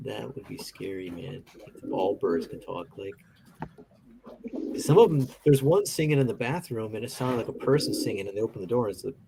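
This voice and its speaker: A man's voice: fairly low pitch, noisy background. A man in a casual group chat who tells long, rambling stories. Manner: rambling storyteller.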